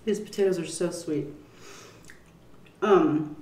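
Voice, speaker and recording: A middle-aged woman vlogging while she eats, telling a story in a lively, cursing style. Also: fairly low pitch, takes it slowly, slight background noise. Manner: lively storyteller who curses and acts out quotes. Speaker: mukbang vlogger. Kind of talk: casual storytelling while eating. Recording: roomy, mic at a distance.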